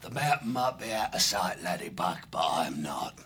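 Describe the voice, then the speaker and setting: A man's voice: sits low, lively intonation, normal speed, a bit bright, breathy edge, exaggerated voice. A man voicing a stern male hare drill sergeant who barks parade-ground orders. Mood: growling.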